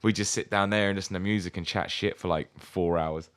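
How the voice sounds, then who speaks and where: A man's voice: low voice, steady tone, fairly quick, clear, resonant tone. A young man co-hosting a podcast, drunk, chatting casually in a rambling, sweary way with frequent laughs. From England. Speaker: podcast co-host. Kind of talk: casual chat.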